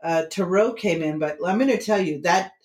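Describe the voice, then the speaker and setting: A middle-aged woman with a slightly low voice tells a story as an interview guest, animated and slipping into the voices of the people she quotes. Her voice rings in a roomy, echoey space. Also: normal speed. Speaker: interview guest, tarot teacher. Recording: roomy echo.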